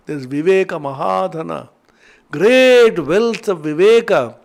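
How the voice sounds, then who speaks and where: An older monk gives an earnest, emotional spiritual lecture and chants verses between his explanations. His voice sits high and has a gravelly edge. He speaks slowly and deliberately. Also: animated. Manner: slow, earnest, emotional storytelling.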